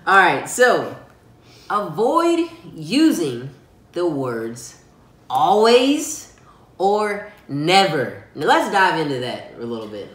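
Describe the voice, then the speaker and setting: Easygoing man with a lively voice. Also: slow. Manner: easygoing, laughs often, lively pitch. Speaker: co-host of a couple's channel. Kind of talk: casual faith-based advice chat. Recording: roomy echo, faint background noise.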